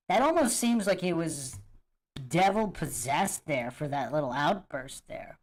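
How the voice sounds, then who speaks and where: A man's voice: a little high, expressive, measured pace. A man hosting a livestream, chatting casually to viewers and reacting to clips with a musing, emphatic manner that repeats points. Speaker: host of a livestream commentary show.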